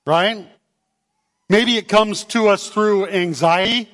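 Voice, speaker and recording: High-voiced animated male preacher. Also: slow pace. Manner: animated, calls for amens, acts out voices. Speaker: pastor. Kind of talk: sermon. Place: church sanctuary. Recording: long hall reverb.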